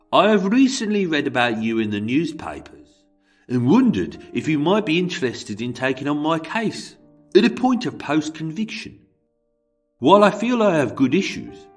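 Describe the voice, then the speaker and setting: A man with a put-on Brummie accent reads out a formal, aggrieved letter as a self-pitying jailed murderer pleading with a lawyer. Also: a little high. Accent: Birmingham (Brummie), put on.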